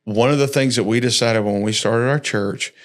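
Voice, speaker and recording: A man's voice: mid-range voice, normal speed. A male pastor chatting casually on a church podcast, folksy and joking. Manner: laid-back, folksy, jokey storytelling.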